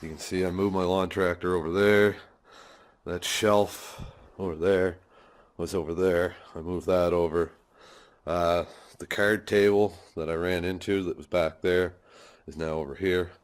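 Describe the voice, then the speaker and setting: A man's voice: sits low, steady tone, a little slow. Laid-back man rambling in his garage. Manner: swears casually, laughs often. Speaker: vlogger. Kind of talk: casual rambling vlog. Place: home garage. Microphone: phone camera held by hand.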